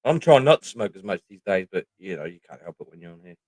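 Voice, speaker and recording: A man's voice: low-pitched, very animated, quick pace, darkish tone, husky, dry recording. A middle-aged man with a British accent, chatting casually on a livestream, rambling and swearing freely. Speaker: livestream host.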